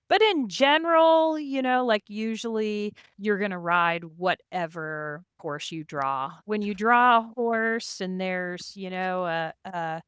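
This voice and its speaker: Speaking slowly in a medium-pitched voice that's clean and fairly bright, an endurance race rider joins a podcast as a guest, chatting and laughing about her rides with frequent "you know" and "like." The studio-quality recording is dry.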